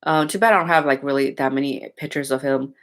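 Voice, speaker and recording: A woman's voice: a bass voice, fast. A young woman chatting casually and bluntly with her viewers, swearing freely and rambling with many restarts. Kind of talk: casual chat.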